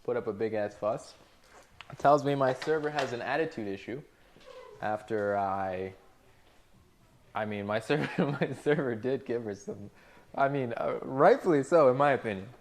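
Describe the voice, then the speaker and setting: Man, cooking livestream, casual rant to chat, profane, exasperated, middle pitch. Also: a little slow, pauses often, a little hiss or hum. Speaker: restaurant cook streaming to chat.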